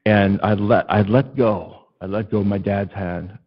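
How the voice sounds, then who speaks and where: A middle-aged man preaching a sermon as a pastor, telling a childhood story with animated storytelling and building to urgent repeated appeals. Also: on the low side, measured pace, highs cut off. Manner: animated storytelling, acts out a child's panicked screams.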